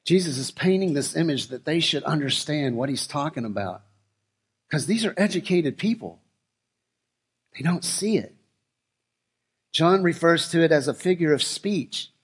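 A middle-aged man preaching a sermon, shifting from relaxed storytelling to slow, emphatic declarations. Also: mid-range voice, breathy edge. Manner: conversational storytelling that builds to emphatic, slowed declarations. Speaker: pastor.

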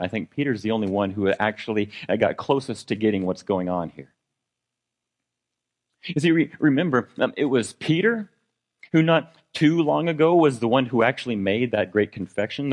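A man preaching a sermon in a church, talking with the congregation, asking for a show of hands, with fillers and swings in pitch and loudness. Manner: conversational preaching with congregation questions; fillers and restarts, dynamic pitch and volume. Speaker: pastor.

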